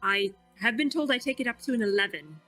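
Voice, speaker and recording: A woman's voice: medium pitch, fast, no room sound, faint music behind. A woman playing a tabletop game, chatting and laughing with the group. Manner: laughing, lively. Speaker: player. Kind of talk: casual tabletop play.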